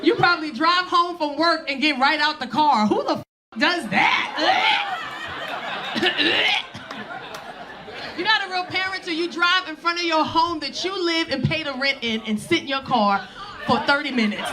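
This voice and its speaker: A woman's voice: sits high, lively intonation, measured pace, noisy background. A woman in her forties doing a brash, profane stand-up set on a comedy club stage. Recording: live club crowd laughing.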